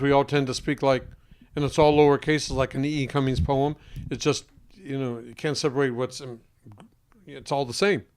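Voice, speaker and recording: A man working as a voice coach, speaking to an interviewer in a deliberate, emphatic way with pointed pauses and a singer's trained voice. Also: medium pitch, smooth.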